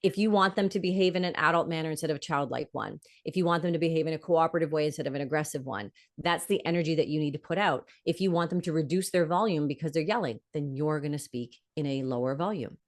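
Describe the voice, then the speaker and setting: Low-pitched middle-aged woman, emphatic, explaining stuff in an interview and acting out example questions. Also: fast, few pauses. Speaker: negotiation expert guest. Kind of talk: conversational interview.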